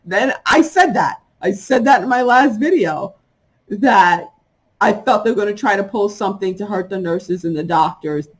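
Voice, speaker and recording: A woman's voice: mid-range voice, expressive, husky. Emphatic, fired-up middle-aged woman vlogging. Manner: emphatic, indignant, quick bursts with laughs. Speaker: spiritual vlogger. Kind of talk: casual monologue to viewers.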